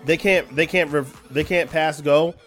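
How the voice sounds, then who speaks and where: A man's voice: on the high side, measured pace, over loud music. A man co-hosting a podcast, arguing his point insistently in casual debate. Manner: insistent, argumentative. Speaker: podcast co-host.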